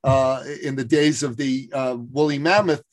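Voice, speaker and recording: A man's voice: medium pitch, fairly even intonation, a little slow. Earnest man in his fifties hosting. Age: 50s. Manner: earnest, frequent uh fillers. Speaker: podcast host. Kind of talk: casual interview chat.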